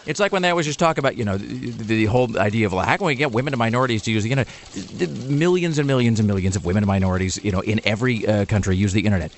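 A man's voice: fairly low pitch, rapid-fire, hardly any pauses, a little hiss or hum. A man hosting a radio talk show, bantering wryly and rambling through a sponsor read with plenty of fillers. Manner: rambling, wry, full of fillers.

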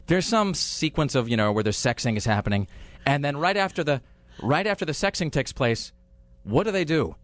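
Brief: male podcast host, mocking and sarcastic, very animated pitch, casual rambling. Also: fairly quick, hardly any pauses, no echo. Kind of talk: casual chat.

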